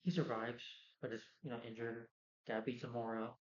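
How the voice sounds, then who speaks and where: A man's voice: mid-range voice, fairly even intonation, normal speed, a little mellow. A man reviewing a movie, retelling the plot in a loose, rambling way full of "you know" and "like". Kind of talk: casual plot recap. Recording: roomy, dull lo-fi sound.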